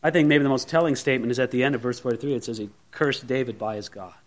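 A pastor preaching a sermon with animated, theatrical storytelling. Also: male voice, mid-range voice, racing.

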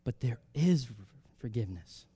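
A man preaching a sermon, reading scripture aloud and explaining it in a conversational way, swinging between loud emphatic rises and soft drops. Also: medium pitch, sing-song, unhurried, slightly rough. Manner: reads scripture aloud, then explains it casually with fillers.

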